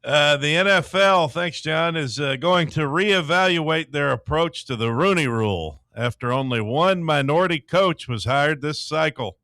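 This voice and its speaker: Male co-host, higher gravelly voice, dry studio sound. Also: expressive, measured pace, hardly any pauses, bright, forceful tone, dry recording. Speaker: sports radio co-host. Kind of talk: casual sports radio banter.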